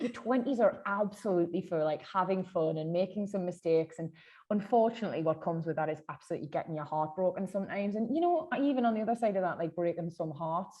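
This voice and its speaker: A woman, hosting a casual podcast chat, bubbly, swearing freely and laughing loudly. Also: mid-range voice. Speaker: podcast host.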